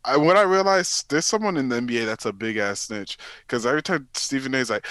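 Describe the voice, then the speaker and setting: A man co-hosting a casual podcast, telling stories with lively acted-out quotes. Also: medium pitch, fast talker, hardly any pauses, dry recording. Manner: animated storytelling, acting out quotes. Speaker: podcast co-host. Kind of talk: casual chat.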